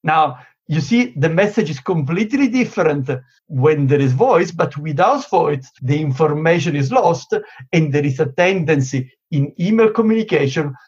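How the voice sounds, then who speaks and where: Guy, husky slightly high voice, lots of "you know", muffled lo-fi sound. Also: moderate pace. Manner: explanatory, many "you know" fillers, animated emphasis. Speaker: negotiation expert guest. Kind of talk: interview answers. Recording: dull lo-fi sound.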